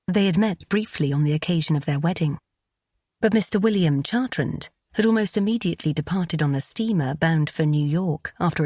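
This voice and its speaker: A woman reading a romance audiobook with a low, husky voice. Her storytelling is calm and even. The recording is close and dry. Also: no echo. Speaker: audiobook narrator. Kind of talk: scripted romance narration.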